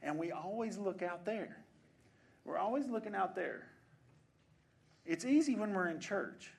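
A man's voice: sits high, lively intonation, measured pace, vocal fry. A male preacher giving a sermon in a church, repeating phrases and asking rhetorical questions. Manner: repetitive, soft then building, rhetorical questions.

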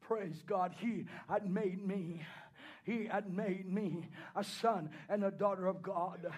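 A man preaching in a very high voice at a slow, drawn-out pace. He swings from quiet pleading to loud shouted declarations and fills the pauses with rhythmic hallelujahs and amens. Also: fairly even intonation. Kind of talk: sermon.

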